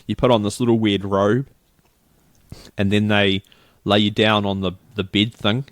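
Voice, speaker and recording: A man's voice: on the low side, flat delivery, a little slow, no echo, studio quality. A middle-aged New Zealand man chatting casually as a podcast co-host, rambling through a story and acting out the people in it. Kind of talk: casual chat.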